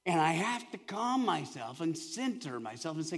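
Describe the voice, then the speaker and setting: A male pastor preaching a sermon with animated storytelling, swinging from loud to hushed. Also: on the high side, normal speed, hardly any pauses.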